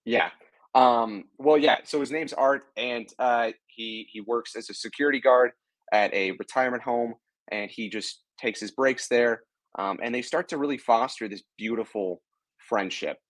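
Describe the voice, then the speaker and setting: A man's voice: medium pitch, normal speed, dry recording. A man casually recapping an episode's plot on a podcast, rambling with lots of fillers and restarts. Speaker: podcast co-host. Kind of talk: casual chat, summarizing a TV episode.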